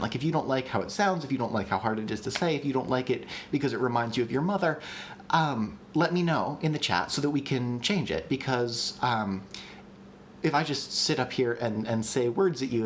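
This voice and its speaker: A man's voice: medium pitch, slight background noise. A man hosting a casual live-stream lesson, chatty and enthusiastic, with frequent ums and restarts. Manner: chatty and enthusiastic, with many ums and restarts, reads chat aloud. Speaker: streamer teaching language construction.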